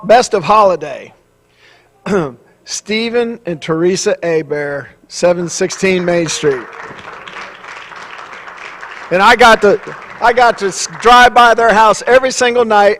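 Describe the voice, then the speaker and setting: High-voiced man chairing a council meeting. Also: fairly bright tone, some chatter behind. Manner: halting, many fillers and restarts. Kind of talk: public meeting announcements.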